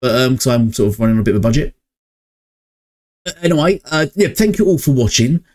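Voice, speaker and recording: Speaking at a medium pitch, animated and a bit quick with a slightly mellow quality, a male gaming channel host shares casual opinions. His delivery is hesitant and meandering, full of fillers, with chuckles between thoughts, all captured on an inexpensive home mic.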